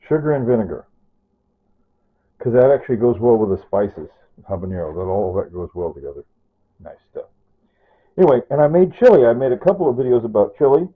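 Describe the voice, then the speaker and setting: A man's voice: medium pitch, husky. A man chatting casually about his home cooking, rambling, repeating himself and correcting himself as he goes. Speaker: cooking vlogger. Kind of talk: rambling casual kitchen talk. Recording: tinny phone-like audio.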